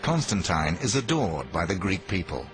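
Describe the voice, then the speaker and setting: A man giving scripted, measured narration for a history documentary. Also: low voice, big pitch swings. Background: music.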